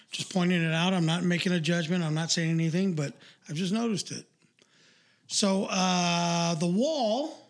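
High-voiced man ranting bluntly. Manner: rambling, blunt and profane, heavy on fillers. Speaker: podcast co-host. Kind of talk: casual live-stream chat.

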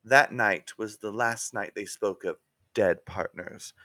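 A man narrating a mystery story in an unhurried, expressive way. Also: fairly low pitch, no room sound.

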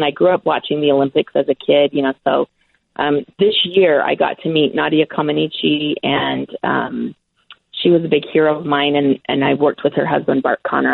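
A woman's voice: low voice, fairly even intonation, fairly quick, vocal fry, husky, dry recording. A middle-aged woman, a sports broadcaster, telling stories with enthusiasm in a casual interview and laughing often. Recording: tinny phone-like line.

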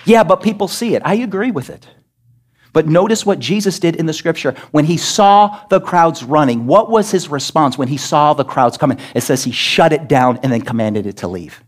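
A pastor delivering an emphatic sermon in a church, scolding and asking rhetorical questions. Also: male voice, on the high side, normal speed, hardly any pauses. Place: church sanctuary.

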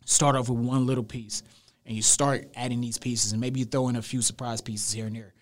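A young man guesting on a podcast, talking sports in an emphatic, animated way and repeating phrases for weight. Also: mid-range voice, brisk. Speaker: podcast guest, radio show host. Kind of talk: casual sports chat. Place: podcast studio.

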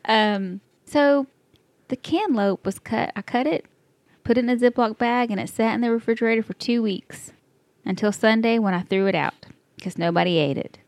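A woman's voice: on the high side, normal speed, no echo. A woman with a Texas accent telling a story in casual chat, laughing often and acting out her own thoughts. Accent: Texan.

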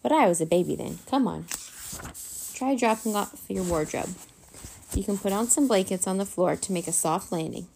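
A woman voicing a cheerful, bossy little male pet bat with a squeaky, coaxing manner. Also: animated, moderate pace, gravelly, a little mellow, slight background noise. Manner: encouraging, coaxing.

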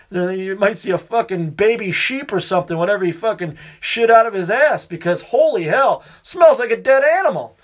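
A man hosting his own show, rambling through a crude monologue and swearing constantly. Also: high-pitched. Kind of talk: profane casual monologue.

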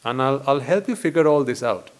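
A man who serves as a Buddhist monk delivers an expressive dharma talk at a medium pitch. He moves deliberately, asking rhetorical questions and repeating key ideas.

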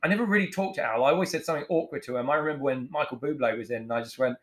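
A man's voice: mid-range voice, very fast. A man in his forties, a chef guest on a podcast, telling his story in a frank, emotionally open way, swearing freely. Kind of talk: candid conversational storytelling.

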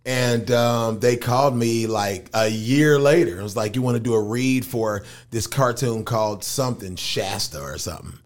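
A rapper and voice actor tells a story during an interview, talking at normal speed with few pauses in a medium-pitched voice. His casual, slangy delivery is animated, and he performs the voices of the people he quotes.

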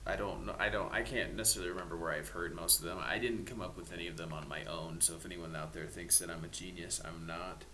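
A man's voice: deep voice, fairly even intonation, quick pace, hardly any pauses, pushed and bright, slight background noise, rough recording. A man hosting a casual podcast chat, leading the discussion and poking fun at himself. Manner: self-deprecating, leads the discussion. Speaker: podcast host.

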